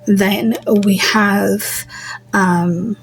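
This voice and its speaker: A woman giving a casual tarot reading, musing slowly, trailing off with fillers and slipping into soft near-whispers. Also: mid-range voice, steady tone, gravelly, faint music behind, rough recording. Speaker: tarot reader.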